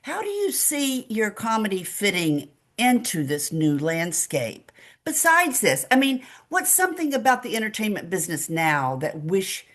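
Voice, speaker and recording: A woman interviewer asking long, measured questions. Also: medium pitch, big pitch swings, fairly bright tone.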